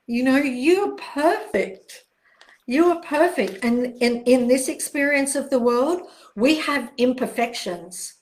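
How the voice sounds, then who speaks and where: An older woman hosting a live question-and-answer stream, speaking in a gentle, reassuring way with soft pauses and repeated phrases. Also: high voice. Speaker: self-help author hosting a live Q&A.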